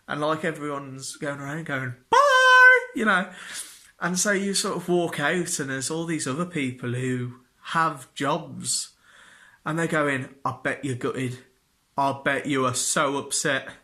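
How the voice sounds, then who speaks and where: Young guy, slow and bright, self-mocking storyteller, vlog. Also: medium pitch. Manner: self-deprecating, jokey, acts out quotes in raised voices. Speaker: vlogger. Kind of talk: personal storytelling to camera.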